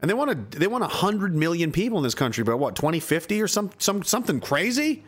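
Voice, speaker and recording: A man's voice: high voice, sing-song, a little fast, fairly bright tone. A man streaming, ranting in a sarcastic, rambling way with stumbling restarts. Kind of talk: casual ranting commentary. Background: music.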